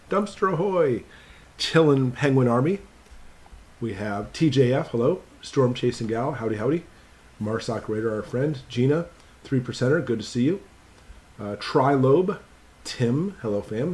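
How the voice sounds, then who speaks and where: A man's voice: medium pitch, moderate pace. Chatty man greeting stream viewers. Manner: greets viewers by name one after another, chatty and upbeat. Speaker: host of a live stream Q&A. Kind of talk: casual live stream chat.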